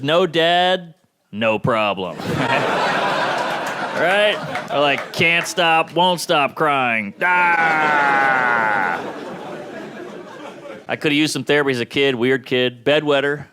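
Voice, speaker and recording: Animated man doing stand-up. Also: mid-range voice. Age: 30s. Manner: animated, voices quoted characters, punchy delivery. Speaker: stand-up comedian. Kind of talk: stand-up comedy set. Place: comedy club stage with a laughing audience.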